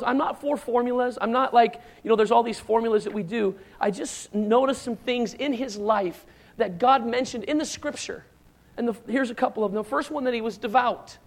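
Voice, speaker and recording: A middle-aged man serving as pastor delivers a sermon with personal stories in a very high, creaky voice. The talk rambles conversationally with restarts and asides, and he dramatizes shouted lines from the stories.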